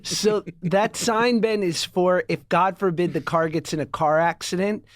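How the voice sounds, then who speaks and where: A man's voice: high voice, a little slow. A man co-hosting a podcast, telling stories in a wry, joking way. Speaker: podcast co-host. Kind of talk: casual chat.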